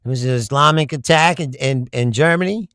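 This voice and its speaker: A man's voice: mid-range voice, brisk, a bit bright, clear, resonant tone, no echo, clean studio sound. A man hosting a casual comedic political talk, rambling and profane, breaking into laughter often. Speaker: political commentary host.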